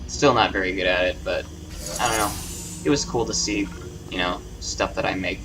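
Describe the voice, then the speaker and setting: A low-voiced man chats casually while he plays, rambling and stopping to hunt for words. His voice sits back from the microphone, with a clear layer of noise around it. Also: normal speed. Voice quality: rambling, hesitant, many fillers. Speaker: gamer playing a video game. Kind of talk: casual gameplay commentary. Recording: distant mic with noise.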